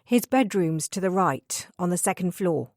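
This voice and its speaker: A woman voicing a stout, polite middle-aged housekeeper with an Estuary London accent, speaking in a flat, courteous way. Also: lowish voice, normal speed, no echo, studio quality.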